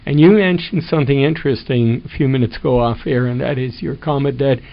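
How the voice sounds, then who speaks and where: A man hosts a radio conversation with a guest. His voice has a gravelly edge, and he prompts her in a gentle, conversational way. The recording sounds dull and lo-fi. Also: medium pitch, brisk. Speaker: radio host. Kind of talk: interview questions.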